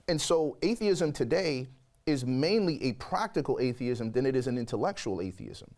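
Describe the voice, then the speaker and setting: A man in his forties sits as a guest and tells his story in a lively, expressive way. His voice sits at an ordinary middle pitch, and he speaks with real conviction. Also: moderate pace. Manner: animated storyteller, acts out quoted voices. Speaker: guest sharing a conversion testimony. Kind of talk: storytelling interview.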